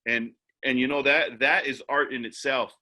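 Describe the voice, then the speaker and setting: A man moderating a video-call webinar in a relaxed, rambling way, full of fillers and repeated words. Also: mid-range voice, moderate pace. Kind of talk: casual moderating with many fillers.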